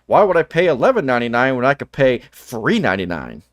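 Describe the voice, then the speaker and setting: A young man co-hosting a livestream, ranting in casual chat with profane, animated outbursts. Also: medium pitch, quick pace, dry recording, studio quality. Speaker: livestream co-host.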